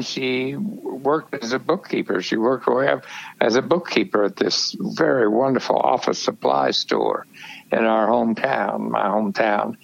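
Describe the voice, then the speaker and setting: An older man, an actor guest, talking in a halting way and searching for his words in a casual interview. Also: medium pitch, creaky. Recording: dull lo-fi audio.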